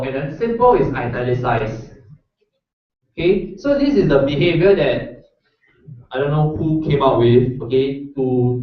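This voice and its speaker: A man teaching a coding workshop in a lecture room, with a casual, chatty manner that keeps checking in with the audience. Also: mid-range voice. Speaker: workshop instructor. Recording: roomy echo, distant mic, dull lo-fi sound.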